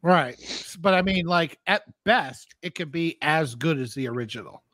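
Man, podcast co-host, dry close sound, slightly high, wry. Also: normal speed, a bit bright, dry recording. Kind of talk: casual chat.

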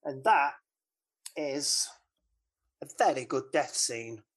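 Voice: mid-range voice, expressive, slow. Podcast host recapping a film casually. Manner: rambling, mimics film lines.

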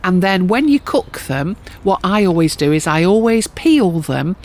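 A woman's voice: on the low side, expressive, moderate pace, darkish tone. Teasing practical woman co-host. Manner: practical, teasing, explains step by step. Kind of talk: casual gardening chat.

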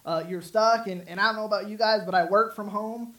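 A man's voice: sits high, steady tone, fairly quick, sharp tone, rough recording. A man preaching a sermon in an earnest, rambling way, with many restarts. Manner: earnest, repetitive with frequent restarts and fillers. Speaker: pastor.

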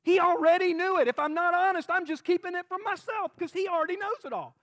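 Male pastor preaching, high voice, dry close sound, impassioned, soft to shouting. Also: fast talker, dry recording. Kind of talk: sermon.

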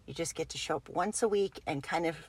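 A woman's voice: sits low, fairly quick, darkish tone, husky, no room sound. A woman co-hosting a personal growth talk, chatting casually and rephrasing her thoughts as she goes. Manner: rambling, restarts and rephrases mid-thought. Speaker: co-host of a personal growth group. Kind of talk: casual podcast chat.

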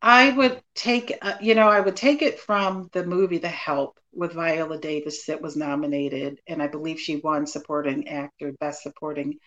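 Podcast guest, female minister, preacher's cadence, slightly low voice. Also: steady tone, moderate pace, few pauses, a bit bright, highs cut off. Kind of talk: podcast interview chat.

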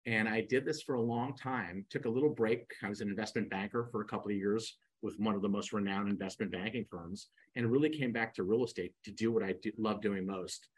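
Brisk and barely pausing, an older man with a lowish voice tells his story as a guest real estate coach in a podcast interview, bringing the people he quotes to life with animated impressions. The recording is low quality.

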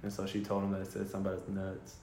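A man's voice: deep voice, monotone, very fast, darkish tone, slight background noise. A young man co-hosting a podcast, rambling through profane stories in casual chat. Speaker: podcast co-host. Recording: echoey room with faint ambience.

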